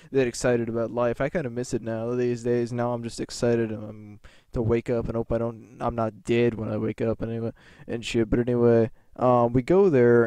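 Guy rambling thru a storytime, swears a lot, dark smooth voice, dry close sound. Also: mid-range voice, dry recording. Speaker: vlogger. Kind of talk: casual storytime monologue.

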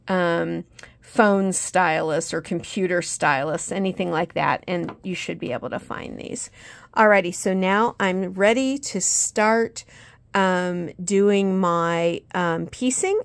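A woman's voice: lowish voice, no echo. Chatty woman teaching quilting, dry sound. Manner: chatty, many fillers and self-corrections. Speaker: quilting instructor, channel host. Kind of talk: casual tutorial demonstration.

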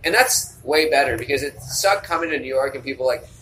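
A man's voice: mid-range voice, animated, fairly quick, fairly bright tone. A man in casual podcast chat who pokes at others with joking questions. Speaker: podcast guest. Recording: echoey room, faint noise.

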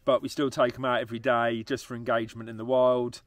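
A man's voice: medium pitch, little pitch movement, fast, no room sound. Chatty young English man vlogging. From England. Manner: chatty and laughing, talking straight to viewers. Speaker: travel vlogger. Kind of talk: casual vlog chat.

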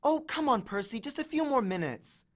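A man voicing a stubborn, sharp-witted teenage girl in an audiobook reading, high and dismissive. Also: big pitch swings, normal speed, exaggerated voice.

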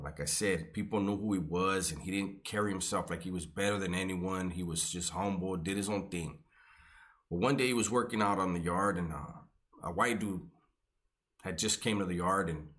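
With a low-pitched, slightly bright voice, a man shares laid-back, foul-mouthed, funny stories about the years he spent in prison.

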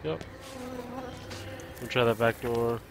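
A man's voice: mid-range voice, takes it slowly, background noise. A man hosting a let's play, chatting and joking to himself while he explores a game. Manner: chatty, musing aloud, joking. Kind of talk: casual gameplay commentary.

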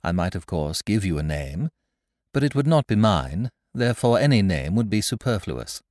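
A man voicing a composed, secretive young woman who speaks calmly and steadily. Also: low voice, no room sound, studio quality. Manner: calm, measured and composed.

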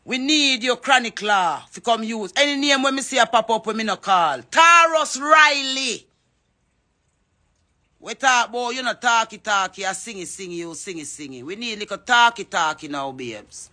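A woman's voice: mid-range voice, a little fast, hardly any pauses, pushed and bright. A Jamaican woman giving an impassioned address, fervently calling on others by name to speak up. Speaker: reggae artist.

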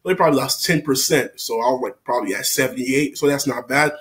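A man's voice: mid-range voice, fast talker. A man telling a story to camera in a casual, rambling way, repeating himself, using lots of slang and laughing often. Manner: slangy and animated.

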